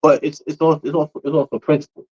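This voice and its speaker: A man's voice: on the high side, flat delivery, very fast, darkish tone, slightly rough. A man, a regular at the cigar shop, chatting casually on a podcast and rambling with constant "you know" fillers. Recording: dull lo-fi podcast audio.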